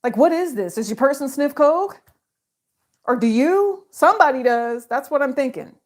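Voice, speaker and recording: A middle-aged woman with a slightly high voice talks her way through a psychic card reading. She rambles in a casual, chatty way, breaking off mid-thought and stacking up fillers as she goes. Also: expressive, normal speed. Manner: rambling, chatty, frequent fillers and self-interruptions. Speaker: psychic tarot reader. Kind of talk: casual tarot reading monologue.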